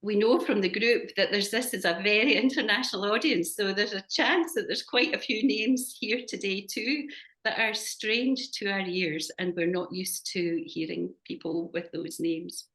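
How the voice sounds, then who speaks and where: Scottish woman facilitator, gentle and measured, video-call sound; leads a group exercise. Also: mid-range voice. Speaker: workshop facilitator.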